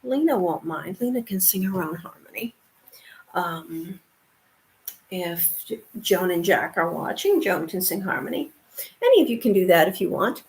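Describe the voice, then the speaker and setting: On a live stream, a woman teaches ukulele, chatting casually and encouraging viewers as she walks them through a song in a mix of instruction and sing-along. Her voice is on the low side with big pitch swings, and she keeps a measured pace.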